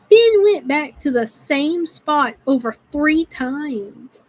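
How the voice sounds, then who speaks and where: High-pitched girl gamer ranting at her chat, annoyed and cursing. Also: lively intonation, slow, darkish tone, low-quality recording. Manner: frustrated, swearing, talking to chat. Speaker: gaming streamer. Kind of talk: casual gameplay commentary.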